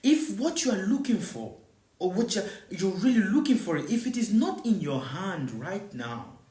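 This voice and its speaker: A spiritual teacher gives a live teaching in a very animated, mellow, medium-pitched voice at moderate pace, in an echoey room. He preaches emphatically and repetitively, restating points and asking listeners over and over whether they understand.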